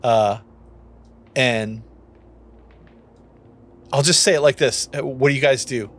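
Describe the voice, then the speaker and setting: A young man narrates a tabletop game in a relaxed, chatty way and laughs often. He acts out short character lines at a middle pitch. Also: takes it slowly. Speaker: game master.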